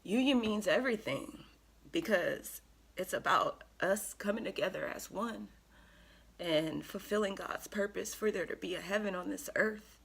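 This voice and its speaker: Slow, gravelly-voiced woman reading cards. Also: mid-range voice, fairly bright tone. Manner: slow, earnest, emotional, with many ums. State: emotional. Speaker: spiritual card reader. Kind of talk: tarot reading monologue.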